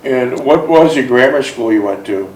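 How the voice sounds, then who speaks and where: Host reading aloud in an echoey room. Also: male voice, mid-range voice, expressive, normal speed, darkish tone. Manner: reads aloud steadily, then asks friendly, prompting questions. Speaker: interviewer and host. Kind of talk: reading a memoir aloud and interviewing. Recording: roomy, distant mic.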